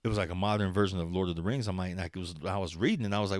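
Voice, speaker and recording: Deep-voiced, profane podcast host. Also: male voice, rapid-fire, few pauses, dry recording, clean studio sound. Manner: profane, rambling, laughs often; motivational pep talk. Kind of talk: casual solo podcast monologue.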